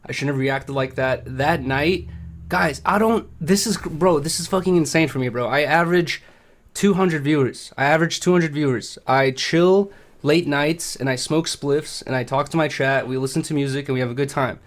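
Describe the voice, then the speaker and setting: A man on a livestream giving a nervous, halting apology, rambling and full of fillers. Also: fairly high pitch. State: nervous, shaky. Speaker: streamer.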